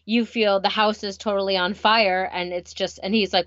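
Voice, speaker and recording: A woman's voice: medium pitch, steady tone, moderate pace, few pauses, a bit bright, no room sound, lo-fi sound. A woman in her thirties co-hosting a casual parenting chat, telling stories with lots of fillers. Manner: chatty, storytelling, many fillers. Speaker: podcast co-host.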